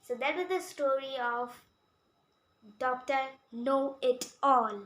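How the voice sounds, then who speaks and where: A woman from India, retelling a picture book in a halting way and repeating words. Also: high-pitched, fairly even intonation, a bit bright. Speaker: storyteller. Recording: echoey room with faint hum.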